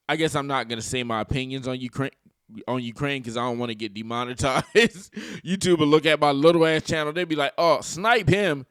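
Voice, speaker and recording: A man's voice: on the high side, fairly bright tone, clear, resonant tone, no echo, clean studio sound. A man giving casual, opinionated political commentary for his channel, slangy and full of joking asides. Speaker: YouTube commentator.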